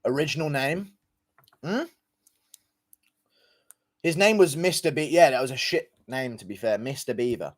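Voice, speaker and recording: A man's voice: mid-range voice, lively intonation, normal speed, pauses often. Brief: young guy, late-night livestream, loose profane chat. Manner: profane, rambling, reacts to chat. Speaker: streamer. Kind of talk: casual livestream chat reading.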